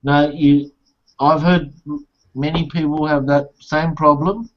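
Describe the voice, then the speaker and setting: A man's voice: little pitch movement, measured pace. A man hosting a casual chat, joking around and rambling through stories, swearing often. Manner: rambling, swearing storyteller, jokey. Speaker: host. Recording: muffled low-fidelity audio.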